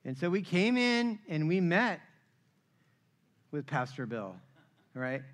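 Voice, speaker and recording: A middle-aged male pastor preaching a sermon with personal testimony, telling his story with lively energy, acting out quoted voices and often asking "right?". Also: a little high, takes it slowly.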